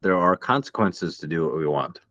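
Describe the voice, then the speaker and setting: A man's voice: sits low, lively intonation, brisk, fairly bright tone, dry recording, lo-fi sound. A man with an American accent, co-hosting a podcast in casual, earnest, philosophizing chat. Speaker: podcast co-host.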